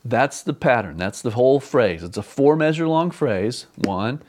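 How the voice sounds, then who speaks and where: A man's voice: mid-range voice, lively intonation, normal speed, background noise. A man teaching an online drum lesson, patiently repeating instructions and counting beats aloud.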